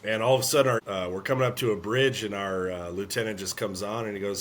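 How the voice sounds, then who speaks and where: Veteran guest, male, lowish voice, earnest halting storyteller, faint hiss behind. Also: steady tone. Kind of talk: storytelling in a podcast interview.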